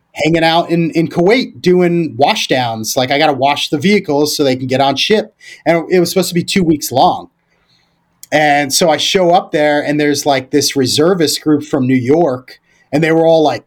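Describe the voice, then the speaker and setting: A man, a former Marine, talking as a podcast guest in a loose, rambling way, full of fillers, restarts and casual swearing. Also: on the high side. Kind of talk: casual storytelling conversation.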